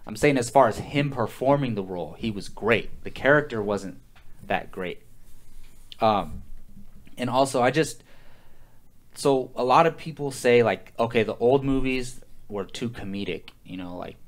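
A man's voice: medium pitch, animated, measured pace. A man hosting a casual movie podcast, leading the chat in a loose, conversational way. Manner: conversational, leads the discussion, fillers. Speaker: podcast host.

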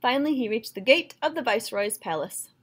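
A woman reading a folktale aloud with expressive, rhythmic storytelling. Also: fairly high pitch, a little fast.

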